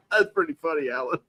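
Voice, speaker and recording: Joking guy hosting a football podcast, kinda higher voice, lots of laughs. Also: pushed and bright, slight background noise. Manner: playful, poses joking hypotheticals and laughs often. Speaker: podcast host. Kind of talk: casual sports talk.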